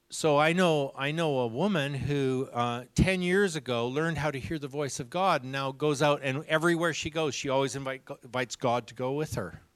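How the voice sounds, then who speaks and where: A man preaching a sermon, animated, acting out the people in his stories. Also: fairly high pitch, dry recording. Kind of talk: sermon storytelling.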